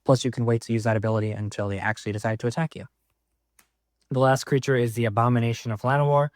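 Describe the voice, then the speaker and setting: A man casually walking through a card game deck, reading card text aloud with quick offhand comments. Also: medium pitch, steady tone, no echo, clean studio sound.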